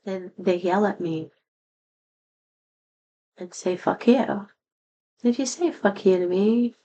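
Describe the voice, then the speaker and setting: A woman's voice: mid-range voice, slow pace, warm tone, dull audio. A middle-aged woman talking to the camera in a rambling, confessional vlog, sad and candid, her voice a little worn after being sick. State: voice not at full strength after being sick. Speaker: vlogger. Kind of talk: personal vlog monologue.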